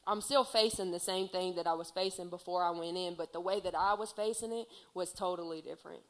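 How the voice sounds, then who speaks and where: A woman's voice: on the low side, steady tone, a little fast, a bit bright. Earnest woman giving a church testimony. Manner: earnest, heartfelt, filler-heavy with many "like"s. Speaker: person sharing a testimony.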